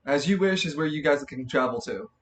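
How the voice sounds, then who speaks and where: A man's voice: a little high, lively intonation, a little fast. A young man narrating as game master of a tabletop role-play, rambling with many fillers and restarts.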